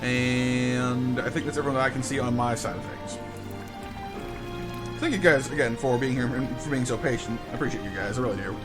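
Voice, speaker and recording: A man's voice: medium pitch, fairly even intonation, brisk, music in the background. A man streaming a game live, telling a rambling story and greeting his chat with lots of stammered restarts. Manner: chatty storyteller, repeats words when starting sentences.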